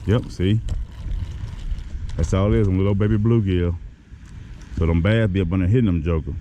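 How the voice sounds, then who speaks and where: A man giving excitable running commentary to his viewers while fishing at a pond outdoors, even talking to the fish he catches. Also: deep voice, normal speed, lo-fi sound, a little hiss or hum. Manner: chatty, excitable, talks to the fish. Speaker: fishing vlogger.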